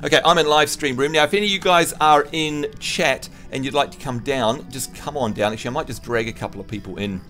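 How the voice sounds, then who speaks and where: A man's voice: mid-range voice, quick pace, hardly any pauses, pushed and bright, soft background music. A man from New Zealand chatting casually and teasing friends while streaming a game. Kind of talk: casual live-stream chat.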